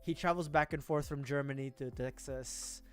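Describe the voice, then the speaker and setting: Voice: mid-range voice, steady tone, moderate pace, smooth, faint music behind. A streamer from the Philippines chatting casually on a livestream, rambling, self-mocking and laughing often.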